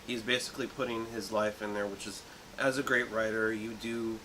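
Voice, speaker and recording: A man in his late thirties co-hosting a movie review podcast, talking in a thoughtful, rambling way with many pauses. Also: on the low side, little pitch movement, a little hiss or hum, poor audio. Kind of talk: casual chat.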